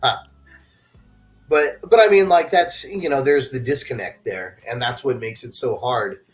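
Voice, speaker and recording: A man's voice: mid-range voice, unhurried. A man hosting a livestreamed podcast, talking in an easygoing, meandering way. He leans heavily on fillers and restarts and swears without a second thought. Faint music sits behind his voice. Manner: casual and profane, stacks fillers like "you know" and "like". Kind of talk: casual chat. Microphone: remote call mic.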